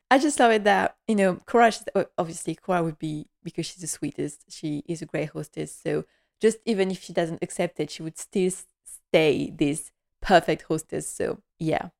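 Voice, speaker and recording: At normal speed and with a creaky, mid-range voice, a young recap vlogger chats casually about a TV episode. She's gushing, laughs often, and acts out the characters' quotes.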